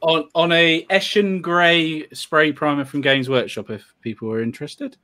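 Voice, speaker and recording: A man co-hosting a casual livestream. He banters in good humour with the other hosts. His voice sits a little high. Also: fairly even intonation, normal speed, bright, forceful tone. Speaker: podcast co-host.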